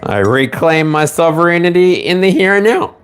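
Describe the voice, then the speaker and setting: A man's voice: fairly high pitch, expressive, normal speed, slight background noise. An Australian man giving a casual tarot reading at home, rambling with many fillers and speaking straight to the viewer. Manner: loose and rambling, frequent fillers; direct second-person address to the viewer. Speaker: tarot reader.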